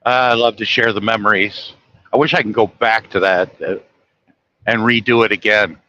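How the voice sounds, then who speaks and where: Bright-voiced man telling stories. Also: on the low side, moderate pace, lo-fi sound. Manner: chuckling often, animated when quoting others. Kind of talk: casual storytelling monologue.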